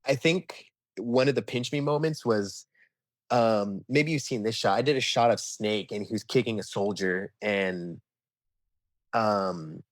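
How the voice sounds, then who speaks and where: A young man telling stories in a casual interview, animated and full of fillers, acting out what people said. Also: fairly low pitch, a little slow, dry recording, studio quality. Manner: animated storyteller, acts out quotes, many fillers like "like" and "um". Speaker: podcast guest, toy photographer.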